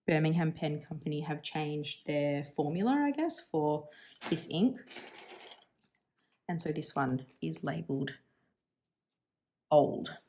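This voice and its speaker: A woman's voice: low voice, a little mellow. A woman in her thirties chatting casually and thinking aloud while swatching inks for her channel, musing and self-deprecating. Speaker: stationery vlogger.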